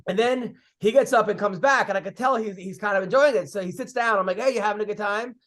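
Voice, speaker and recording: A middle-aged man hosting a podcast, telling comedy-road stories in casual chat, animated, swearing freely and acting out what people said. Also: sits high, fast talker. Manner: animated storyteller, swears freely, acts out quotes.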